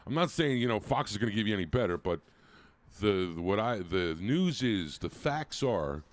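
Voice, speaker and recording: A man co-hosting a podcast outdoors on a street, talking loudly and joking around in casual banter. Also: lowish voice, very animated, moderate pace. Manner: joking, teasing, loud. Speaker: podcast co-host.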